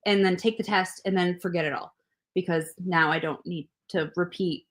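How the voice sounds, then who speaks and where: With a lowish voice, fairly even intonation, and a moderate pace, a young adult woman chats casually as a podcast co-host. She's blunt and talkative, cursing and laughing as she tells her stories.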